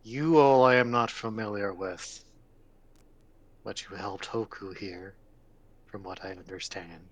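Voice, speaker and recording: A man voicing a towering, gentle stone golem who speaks calmly and politely. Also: on the low side, no room sound. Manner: calm, polite, measured.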